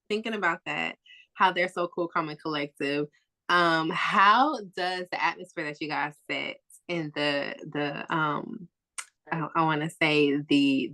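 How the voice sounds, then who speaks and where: A woman hosting a podcast, chatting casually with lively, laughing stories. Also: low-pitched. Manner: lively, laughing, relatable storytelling. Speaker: podcast host. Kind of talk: casual chat.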